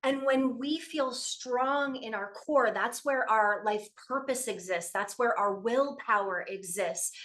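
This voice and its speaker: Calm Canadian woman explaining yoga breathing. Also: on the high side, takes it slowly, few pauses. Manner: calm, explanatory, steady guidance with frequent affirming replies. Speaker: yoga teacher guest. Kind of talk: podcast conversation.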